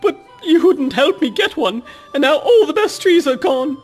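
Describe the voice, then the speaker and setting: A woman's voice: high voice, animated, normal speed, a little mellow, soft background music. A woman voicing a serious, fussy male sock puppet who talks in an exasperated, scolding way. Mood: prim.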